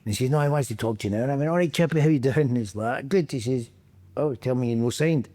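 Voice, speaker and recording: With a warm, medium-pitched voice and fast delivery, a middle-aged Scotsman shares football anecdotes as a podcast guest. The chat is casual, and he frequently acts out quotes and laughs.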